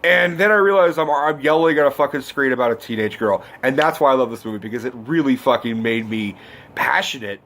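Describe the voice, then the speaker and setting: A man in his twenties ranting about a movie in a casual vlog, swearing often and breaking into loud exclamations. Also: mid-range voice, brisk. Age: 20s. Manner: animated, swearing, bursts of shouting. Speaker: vlogger. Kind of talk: profane movie rant.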